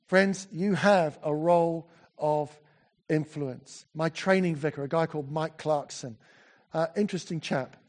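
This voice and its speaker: A man preaching a sermon in a church, chatty and animated, full of asides and self-corrections. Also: a little high, a little slow.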